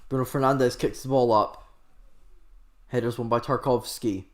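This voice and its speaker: A man giving amateur live football commentary in an excitable, rambling way, often correcting himself. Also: medium pitch, moderate pace. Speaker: host of a live football watchalong.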